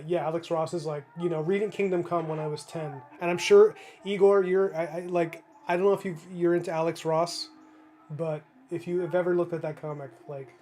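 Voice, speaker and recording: His voice sits on the high side and sounds a little mellow. A comic artist in his thirties, he paints live from his home studio, casually answering chat and rambling as he thinks aloud, often restarting and using fillers.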